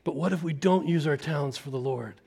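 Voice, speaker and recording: A man's voice: a little high, vocal fry, darkish tone, breathy edge. A man preaching a sermon, telling an imagined story and acting out the people in it. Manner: storytelling, acting out scenes in quick voices.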